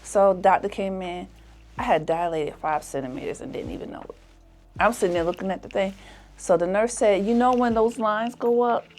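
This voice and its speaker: A woman hosting a podcast tells a personal story in a lively way, acting out the people in it with laughter. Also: mid-range voice, normal speed, a little hiss or hum. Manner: animated, acts out the people in her story with laughs. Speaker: podcast host.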